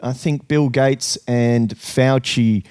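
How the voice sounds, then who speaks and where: Male host, slow hesitant questioner, dry close sound. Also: medium pitch, fairly even intonation, darkish tone, smooth, dry recording. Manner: halting, filler-heavy questions. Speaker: podcast host. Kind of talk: casual interview.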